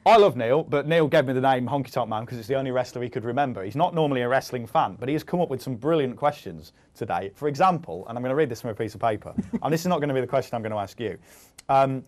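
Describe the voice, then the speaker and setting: Fast-talking jokey host. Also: male voice, medium pitch, expressive, darkish tone. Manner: jokey, quick, lots of ums. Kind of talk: casual studio chat.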